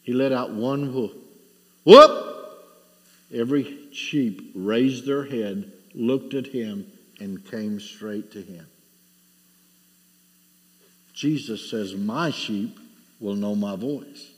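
A man's voice: on the low side, slow, darkish tone, big-room sound. A middle-aged man preaching a sermon, asking rhetorical questions and telling a story with rising and falling intensity.

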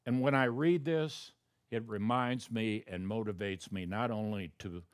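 Pastor preaching in a dry close sound. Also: male voice, fairly low pitch, measured pace, dry recording. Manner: conversational preaching, rising to loud emphatic peaks. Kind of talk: sermon.

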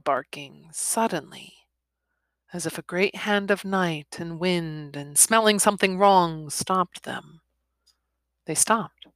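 A woman reading a story aloud in a soft, expressive voice that often drops into a whisper. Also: fairly low pitch, no echo. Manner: soft, partly whispered delivery.

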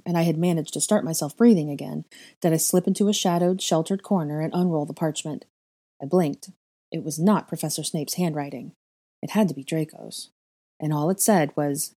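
Female audiobook narrator, measured soft delivery, deep mellow voice. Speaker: audiobook reader. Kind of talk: first-person fan fiction narration.

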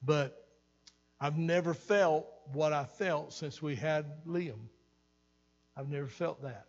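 A man's voice: a little high, takes it slowly, darkish tone, dull audio, soft background music. An older man pastor preaching an earnest sermon, repeating phrases for emphasis, recorded in a church hall. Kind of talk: sermon teaching. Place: church sanctuary.

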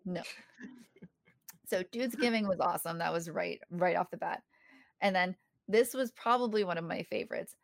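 A woman's voice: medium pitch, creaky, no echo. A woman co-hosting a casual podcast chat, animatedly quoting lines and laughing as she goes. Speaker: podcast co-host. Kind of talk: casual chat reviewing a sitcom episode.

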